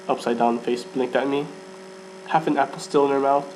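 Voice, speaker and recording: A man's voice: mid-range voice, level tone, moderate pace, a little mellow, a little hiss or hum, low-quality recording. A man reading a first-person fan story aloud, often stumbling and restarting lines and laughing at his own slips. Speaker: fan fiction reader.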